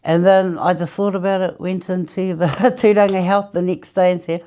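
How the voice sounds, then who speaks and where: An interviewee from New Zealand who used to smoke describes quitting in a fairly low, darkish voice at a moderate pace. Her storytelling is chatty and full of laughter, and she plays out what people said to her.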